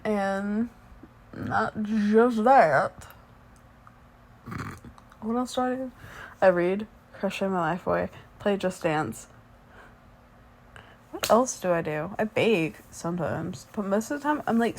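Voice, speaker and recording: A woman's voice: medium pitch, expressive, slow, long pauses. A woman in her twenties doing a whispered role-play as the listener's sleepy, chatty fiancée, rambling between yawns.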